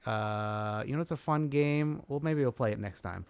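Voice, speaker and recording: A man's voice: mid-range voice, normal speed, darkish tone, a little hiss or hum. A man co-hosting a livestream, chatting loosely and joking with viewers. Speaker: podcast co-host. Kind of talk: casual livestream chat.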